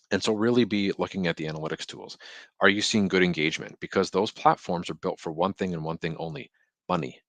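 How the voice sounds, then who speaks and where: Low-voiced guy on a podcast, emphatic, keeps asking rhetorical questions, dry close sound. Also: no room sound. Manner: animated storyteller who acts out quotes. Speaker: marketing consultant, podcast guest. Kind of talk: conversational podcast interview.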